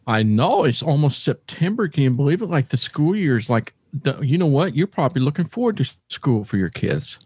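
A man's voice: medium pitch, very animated, moderate pace, few pauses, darkish tone, husky, no room sound, clean studio sound. Playful man hosting a podcast. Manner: playful, jokes around with co-hosts. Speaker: podcast host. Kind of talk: casual podcast chat.

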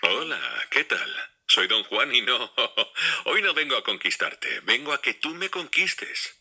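A man voicing a smooth-talking Spanish romancer, husky and flirtatious, played as a recorded app voice clip. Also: medium pitch, big pitch swings, moderate pace, pushed and bright, heavily acted.

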